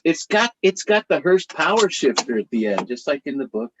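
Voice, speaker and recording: A middle-aged man telling stories to a live audience in an animated, chatty way, laughing now and then as he talks. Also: fairly high pitch, moderate pace, lo-fi sound, noisy background. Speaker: author.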